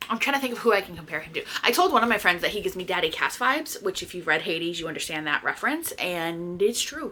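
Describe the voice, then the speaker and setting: A woman chatting casually to her viewers about books she has read, gushing with excitement and swearing freely. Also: medium pitch, a little hiss or hum. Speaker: book vlogger. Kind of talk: casual chatty book review.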